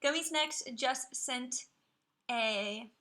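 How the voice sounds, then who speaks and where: A woman with a high, bright voice chats through a live stream in an upbeat, playful way. She fills the stream with eager, friendly commentary and sometimes drops into a soft whisper. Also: very slow. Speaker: streamer reviewing viewers' dragons. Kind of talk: casual live-stream chat.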